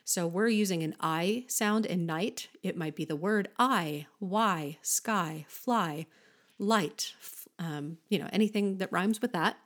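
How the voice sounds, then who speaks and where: A woman's voice: lowish voice, takes it slowly. A woman hosting a podcast singing lesson, explaining vowels patiently and breaking into short sung examples. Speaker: voice teacher and podcast host.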